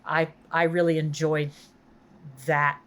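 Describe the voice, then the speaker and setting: A woman's voice: low voice, flat delivery, takes it slowly, fairly bright tone, a little hiss or hum. A woman guesting on a gaming podcast, chatty and enthusiastic in casual chat.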